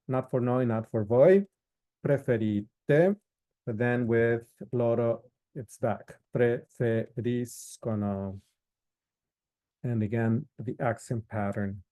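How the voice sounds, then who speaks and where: Slow, halting male language teacher. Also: medium pitch, mellow. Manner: slow, halting explanation with frequent fillers; spells out verb forms one by one. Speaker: Italian instructor. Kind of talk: recorded lecture.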